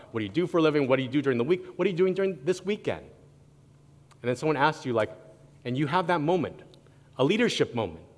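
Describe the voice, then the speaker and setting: Male pastor, mid-pitched, chatty sermon delivery with wry humor; long church-hall reverb. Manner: conversational preaching with self-deprecating humor.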